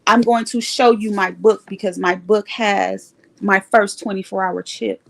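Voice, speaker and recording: A woman hosting a casual live stream, telling a story in an animated, emphatic way. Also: medium pitch, a little slow, gravelly. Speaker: livestream host sharing recovery story.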